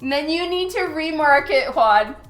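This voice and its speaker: A woman's voice: sits high, expressive, normal speed, fairly bright tone. A woman artist chatting casually with her live-stream viewers, laughing often as she reads their messages. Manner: giggly, reads chat messages aloud. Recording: roomy echo with faint music. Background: faint background music.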